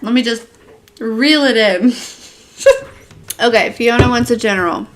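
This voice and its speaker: A woman's voice: on the high side, slow, long pauses. A woman casually giving a tarot reading on a livestream, chatty and laughing often, with lots of fillers. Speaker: tarot reader.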